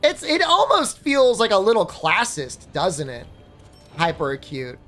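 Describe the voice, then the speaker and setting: A woman streamer rambles through a story in a lively, swooping voice and keeps breaking into laughs. Her pitch sits in the middle of the range. Quiet music runs in the background. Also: unhurried. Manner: rambling, animated, laughs while telling. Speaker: game streamer. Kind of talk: casual storytelling on a live stream.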